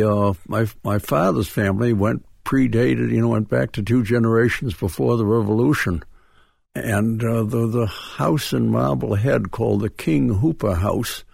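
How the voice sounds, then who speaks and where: An older man with a Boston accent recalls his past as a guest in a radio studio. His voice is gravelly and husky and sits a little low. He speaks haltingly, full of restarts and soft chuckles, and the sound is dry and close. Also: no echo. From Dedham, Massachusetts. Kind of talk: reminiscing radio interview.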